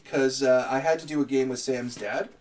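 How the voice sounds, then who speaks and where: A man's voice: medium pitch, fairly even intonation, moderate pace, darkish tone, slight background noise. Rambling Canadian man, a bit far off. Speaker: streamer building a character. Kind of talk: casual live-stream chat.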